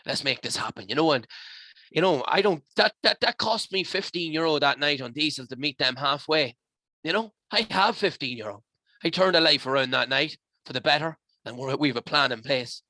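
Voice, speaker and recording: A man's voice: fairly high pitch, normal speed, sharp tone, no echo. An emotional, passionate Irish man talking as a podcast guest in rambling, heartfelt casual chat. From Ireland.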